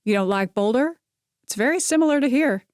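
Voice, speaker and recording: A woman's voice: on the high side, expressive, a little fast, darkish tone, dry recording, clean studio sound, voice pushed up, lightly acted. A woman reading the part of a playful, charming young man who jokes drolly and teases lightly. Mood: teasing.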